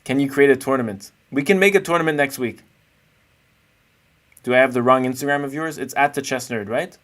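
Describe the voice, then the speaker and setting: A man with a mid-range, slightly bright voice streams live at a fairly quick pace, rating chess games while chatting casually and playfully with viewers. He's chatty and thinks aloud as he searches.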